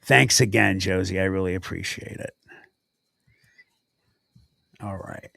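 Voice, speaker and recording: Slow creaky-voiced male host. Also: low-pitched, bright, forceful tone, dry recording, studio quality. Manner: laid-back, reads out viewer comments. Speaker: livestream host. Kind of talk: casual livestream chat.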